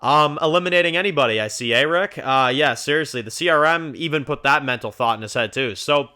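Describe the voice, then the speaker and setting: Chatty bright-voiced male TV reviewer. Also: on the high side, brisk. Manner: chatty, rambling with fillers, excitable. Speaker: TV review host. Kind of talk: casual episode recap.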